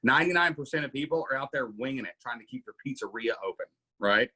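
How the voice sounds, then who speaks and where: A man's voice: mid-range voice, lively intonation, fast talker, pushed and bright, breathy edge. A middle-aged man hosting a casual coaching Q&A, emphatic and often asking "right?". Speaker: podcast host coaching members.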